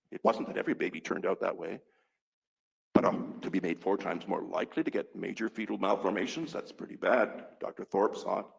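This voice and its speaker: Gravelly older man testifying earnestly. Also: fairly low pitch, rough recording. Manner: earnest and emphatic, repeating key figures. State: a little out of breath. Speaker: physician giving testimony. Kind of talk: testimony at a public hearing.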